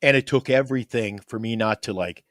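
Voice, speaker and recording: A man co-hosting a sports talk show, telling stories in a casual, excitable way. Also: mid-range voice, fairly quick, no echo, studio quality. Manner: animated storyteller, excitable.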